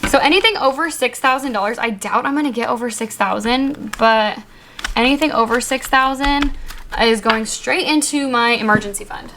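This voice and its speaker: A young woman vlogging casually about her savings, counting bills aloud in a quick murmur and chatting in a flustered, excited way. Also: a little high, slight background noise. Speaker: budgeting vlogger.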